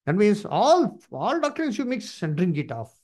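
A man's voice: huge pitch swings, moderate pace, darkish tone. Emphatic preacher, man. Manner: emphatic, repeats words, swings pitch up and down. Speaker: preacher leading Bible study. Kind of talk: sermon with Bible reading.

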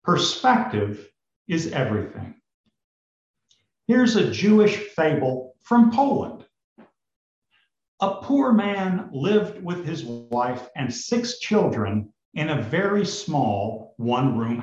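Slow, animated male preacher. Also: fairly high pitch. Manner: storytelling, addresses the congregation. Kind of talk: sermon with told fable. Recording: roomy, slightly dull recording.

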